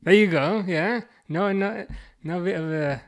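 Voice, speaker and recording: A high-voiced man with a Birmingham accent from the UK hosts a football watchalong livestream, reading viewer comments aloud. He's halting and casual, restarting often and chuckling.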